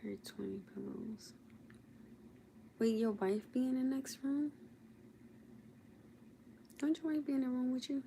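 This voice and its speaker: A woman's voice: high voice, fairly even intonation, measured pace, vocal fry, long pauses, dark tone, slight background noise. A young woman chatting casually with viewers on a late-night livestream from her bed, sleepy and teasing, laughing often. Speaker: livestream host. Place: at home in bed.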